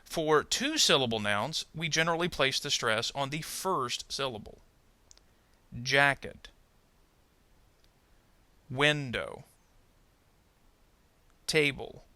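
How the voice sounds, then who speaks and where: A man narrating a pronunciation lesson, speaking carefully and modelling example words slowly. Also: fairly high pitch, expressive, pushed and bright, no room sound. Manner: slow, careful, modelling word stress. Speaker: ESL pronunciation teacher. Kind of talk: scripted instructional narration.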